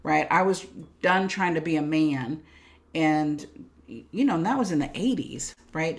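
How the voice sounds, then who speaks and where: A woman business coach telling personal stories in a casual interview, animated and laughing often, ending many lines with "right?". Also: on the low side, a little slow, soft background music. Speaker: profit coach, guest.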